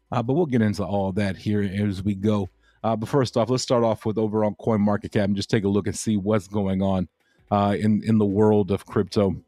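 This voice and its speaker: A man's voice: on the low side, mellow, no echo, studio quality. A man hosting a crypto livestream, chatting casually and rambling with lots of fillers and repeated phrases.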